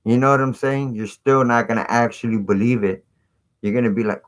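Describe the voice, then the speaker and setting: A man's voice: mid-range voice, fairly quick, a bit bright. Rambling man hosting a live stream. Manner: rambling, filler-heavy, conspiratorial chat. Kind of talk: casual live stream talk.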